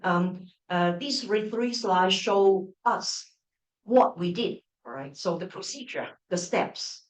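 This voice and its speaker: A woman's voice: mid-range voice, takes it slowly, far from the mic. A middle-aged woman giving an open-day lecture, restarting phrases and checking in with her listeners. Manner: frequent restarts, checks in with "right?" and "all right?". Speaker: university professor giving a lecture. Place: lecture room. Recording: echoey lecture room.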